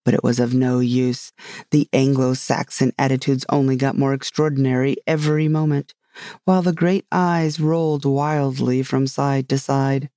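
A man reading a children's classic aloud in a steady, measured way. His voice is gravelly and mellow, and it is recorded close and dry. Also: mid-range voice, no room sound. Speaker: audiobook narrator. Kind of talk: scripted narration.

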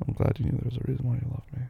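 A young man playing a caring boyfriend who puts his sleepy partner to bed, gentle and reassuring with soft teasing, in a boyfriend role-play audio. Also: mid-range voice, creaky, slightly rough, phone-quality sound, heavily acted.

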